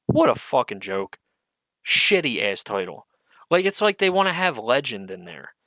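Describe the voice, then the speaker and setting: A man's voice: mid-range voice, big pitch swings, unhurried, sharp tone, no room sound, poor audio. A man giving an unscripted solo rant as an online commentator, profane, exasperated and sarcastic, swearing often amid fillers.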